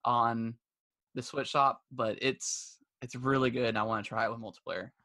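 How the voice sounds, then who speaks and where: A man's voice: mid-range voice, steady tone, normal speed, pushed and bright. Man rambling in a casual podcast chat. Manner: rambling, many restarts and fillers; laughs while retelling stories. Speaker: podcast co-host.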